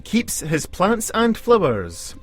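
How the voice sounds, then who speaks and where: A man's voice: sits high, slow, faint music behind. Guy hosting hospital radio, bouncy voice, chatty and playful. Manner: lively and playful. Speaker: radio presenter. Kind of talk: casual radio chat.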